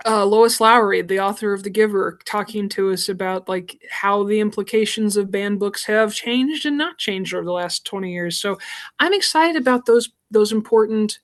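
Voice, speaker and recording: A woman's voice: medium pitch, moderate pace. A woman from the United States, a librarian and association president, talking enthusiastically in a podcast interview, often saying "like" and restarting phrases. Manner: enthusiastic, chatty, many "like"s and restarts.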